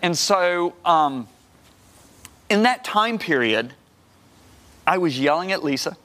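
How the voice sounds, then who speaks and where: A middle-aged man, a guest minister, telling a personal testimony on a talk show, acting out the dialogue and rising loud when emphatic. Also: high-pitched, animated, takes it slowly. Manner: acts out quoted dialogue.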